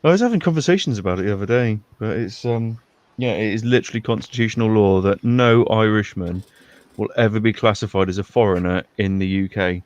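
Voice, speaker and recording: A man's voice: fairly low pitch, a little fast, a little mellow, dry recording, muffled recording. A man chatting casually, easygoing, with hesitant restarts. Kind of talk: casual chat.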